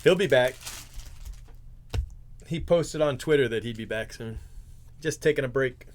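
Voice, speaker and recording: A man's voice: medium pitch, a little slow. A man hosting a live card break, chatting casually, joking and tripping over his words as he reads out player names. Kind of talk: casual live-stream chat.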